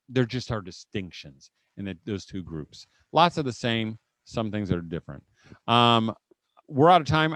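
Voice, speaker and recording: A middle-aged man speaking at a homeschool conference before a live audience. He tells stories with humor and quick asides, often restarting his sentences, and ends by leading a prayer. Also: medium pitch, fairly bright tone, no echo. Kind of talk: live seminar talk with humor, closing in prayer.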